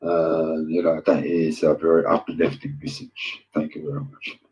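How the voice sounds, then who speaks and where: A man hosting a casual livestream, greeting viewers in loud, upbeat bursts and rambling hesitantly with lots of filler words. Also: rumbling low, flat delivery, normal speed, slight background noise, low-quality recording.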